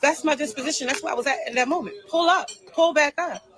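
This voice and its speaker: A woman's voice: sits high, fast talker, crowd noise, rough recording. A woman venting on a livestream, telling her side of a falling-out in an emphatic, repetitive and heated way.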